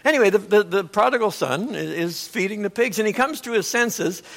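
A middle-aged man preaching a sermon, telling a Bible story with animated delivery and big swings between loud and quiet. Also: high-pitched, a little fast, vocal fry. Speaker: pastor.

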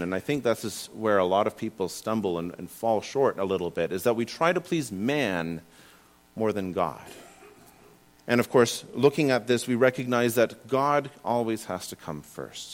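A young man walks through a scripture passage in a relaxed teaching style. He sounds earnest and a little self-deprecating, often restarting phrases as he thinks aloud, in a mid-pitched voice. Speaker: preacher. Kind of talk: informal Bible teaching.

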